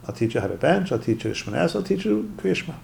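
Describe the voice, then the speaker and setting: A patient, kindly old sage reassures a struggling student in a told tale, as a male storyteller puts him on. The voice is gravelly with a gentle, teacherly tone. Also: on the high side, sing-song, quick pace, a little hiss or hum, pitched above the performer's own voice, exaggerated voice. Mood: reassuring.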